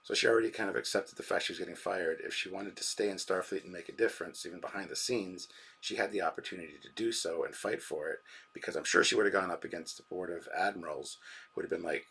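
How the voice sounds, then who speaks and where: Low gravelly man chatting on a stream. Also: fast talker, bright, forceful tone. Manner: rambling, reads out chat donations. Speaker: live-stream reaction host. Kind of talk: casual live-stream commentary.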